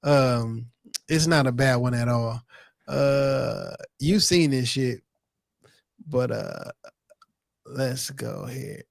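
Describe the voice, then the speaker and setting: A man's voice: medium pitch, vocal fry, no echo. Laid-back man in casual chat. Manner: laid-back, laughs often, quick reactions. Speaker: podcast co-host.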